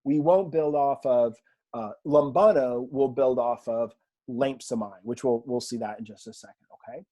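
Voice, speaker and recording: A man teaching a recorded online language lesson in a relaxed, chatty way, with fillers and asides, from a room at home. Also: medium pitch, moderate pace. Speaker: Greek teacher.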